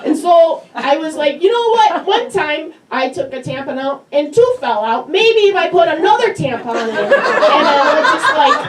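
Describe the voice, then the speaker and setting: A woman comedian with a high, cartoonish voice, telling self-mocking stories in a stand-up set. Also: big pitch swings, moderate pace, few pauses, background noise. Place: comedy club stage with a live audience. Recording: echoey club recorded from a distance, crowd laughing.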